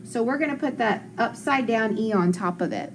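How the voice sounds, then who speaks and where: A woman teaching a phonics lesson to a class, encouraging them, asking questions and sounding out letters slowly. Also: on the high side, lively intonation, a little hiss or hum.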